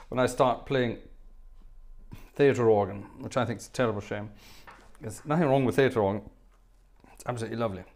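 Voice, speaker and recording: A man's voice: medium pitch, gravelly. A man from Scotland, hosting an organ livestream, chatting casually and telling anecdotes while reading viewer comments.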